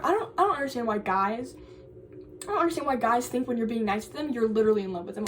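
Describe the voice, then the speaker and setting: A woman's voice: a little high, lively intonation, fast, distant mic, a little hiss or hum, poor audio. A young woman in college chatting casually for her vlog, rambling with lots of fillers and restarts. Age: young adult. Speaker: college vlogger.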